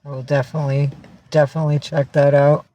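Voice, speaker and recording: A woman's voice: low-pitched, level tone, fast, mellow, muffled recording. A woman livestreaming in casual chat, teary and emotional, slipping into baby talk with her cat. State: tearful.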